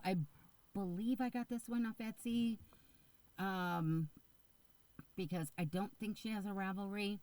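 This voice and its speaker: A woman's voice: medium pitch, no echo, low-quality recording. A middle-aged woman vlogging about her crochet in a casual, rambling way, with lots of ums and second thoughts. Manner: rambling, filler-heavy, chatty and unsure. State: getting the hiccups. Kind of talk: casual chat to camera.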